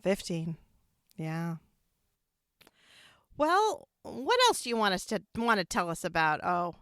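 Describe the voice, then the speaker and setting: A woman's voice: on the low side, sing-song, slow pace, no echo, studio quality. A woman hosting a podcast, reacting with short replies and laughs in casual interview chat. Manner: warm reactions, laughs along. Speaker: podcast host.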